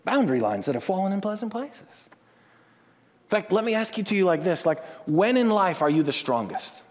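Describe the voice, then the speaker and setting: A man with a high-pitched voice preaches a sermon, his words ringing with a long reverb through a large hall. He shifts into acted-out prayers and excited voices as he drives each point home. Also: fairly quick. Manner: animated, acts out quoted prayers and excited voices. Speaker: pastor.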